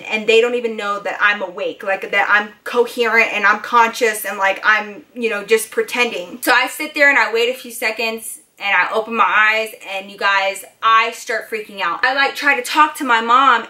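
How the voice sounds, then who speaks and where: Woman vlogger telling a storytime, bright high-ish voice, lots of "like". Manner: animated, fillers like 'like' and 'you guys'. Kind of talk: storytime vlog.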